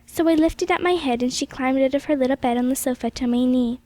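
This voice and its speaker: A woman narrates a classic novel as an audiobook, gentle and measured. Her voice sits high and the recording is close and dry, with no room sound. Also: no room sound. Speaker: audiobook reader.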